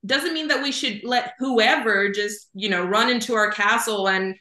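A woman coach speaks with a bright, forceful tone, explaining her ideas through simple images in a relaxed, chatty way. Her voice rings in a roomy, echoey space. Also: a little high, normal speed. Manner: thoughtful, explains with images, says "kind of" and "like" often. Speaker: Human Design reader and coach, guest. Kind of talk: casual explanatory chat.

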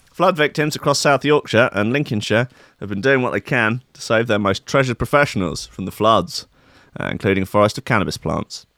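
A man rants through the news in a sarcastic, profane comic style. His pitch swings widely, from mutters to sudden high outbursts. The sound is dry and close to the mic. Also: lively intonation, fairly quick, gravelly, a bit bright, no room sound. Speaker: podcast host. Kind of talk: sweary comic news rant.

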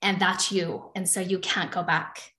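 A woman's voice: on the low side, little pitch movement, unhurried, bright, forceful tone, echoey room. A woman hosting a conversation, responding in an affirming, reflective way. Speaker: podcast host. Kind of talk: conversational interview.

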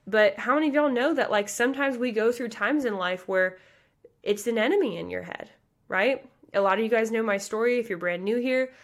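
A woman in her thirties from the American Midwest, a pageant coach talking passionately and chattily on her podcast. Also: fairly high pitch. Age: 30s. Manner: passionate, fast, chatty with many likes and you guys. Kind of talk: motivational podcast talk.

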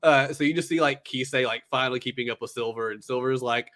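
This is a man in a loose, casual chat, walking through a story with lots of "uh" and "like" as he goes. His voice sits at an ordinary middle pitch and sounds relaxed and unhurried. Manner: rambling, filler-heavy storytelling. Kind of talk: casual chat recapping an anime film.

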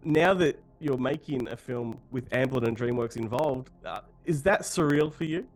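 A man's voice: medium pitch, normal speed. A man interviewing a film director, asking questions with fan-like enthusiasm. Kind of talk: press interview.

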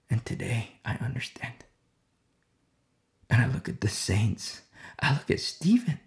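Man preacher, gravelly voice, sermon delivery that falls to whispers and rises again, stumbles over repeated words. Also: a little high, lively intonation, brisk. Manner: swings from loud acted quotes to hushed whispers.

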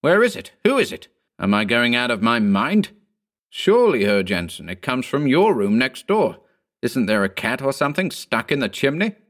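Rattled angry lawyer, loud and high, snapping out questions, a guy doing the voice. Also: big pitch swings, moderate pace. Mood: alarmed. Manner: sharp, agitated. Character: agitated, sharp-tongued male lawyer. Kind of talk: audiobook character voice.

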